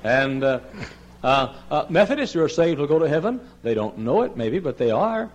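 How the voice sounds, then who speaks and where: An older pastor preaching with fervor. His voice drops to a soft plea, then climbs to ringing cries, and at times he moves away from the microphone in the sanctuary. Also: a little high, sing-song, moderate pace, dull audio. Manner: impassioned preaching that swings from soft pleading to loud cries. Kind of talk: sermon. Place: large church sanctuary.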